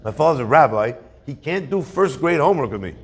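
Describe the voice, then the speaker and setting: A man, a rabbi giving a weekly Torah class, telling stories in an animated way and acting out quoted voices. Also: a little high, quick pace, slight background noise.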